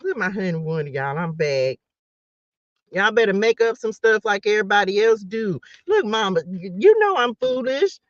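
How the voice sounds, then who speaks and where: A woman's voice: mid-range voice, very animated, normal speed, no room sound, highs cut off. Playful woman doing a tarot stream. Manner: playful, teasing, laughs often; chatty, addresses viewers directly. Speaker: tarot reader hosting a live stream. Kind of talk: casual live-stream tarot reading.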